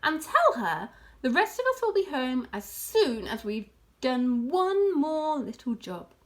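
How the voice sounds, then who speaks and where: A woman's voice: sits high, sing-song, takes it slowly, a bit bright, exaggerated voice. Woman doing Mister Fox, grand and gleeful. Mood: fond. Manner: grand, relish-filled, commanding. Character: proud, showy adult male fox, head of family.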